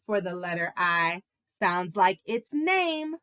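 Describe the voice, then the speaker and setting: A woman teaching a video lesson to preschool children in a slow, encouraging, sing-song way. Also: mid-range voice, expressive, sharp tone, clear, resonant tone.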